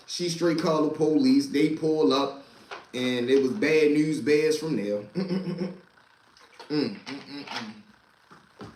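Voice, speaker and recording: Animated profane man telling street stories. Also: on the high side, measured pace, roomy sound, a little hiss or hum, poor audio. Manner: animated, profane street slang, repeats himself for emphasis. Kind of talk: casual storytelling.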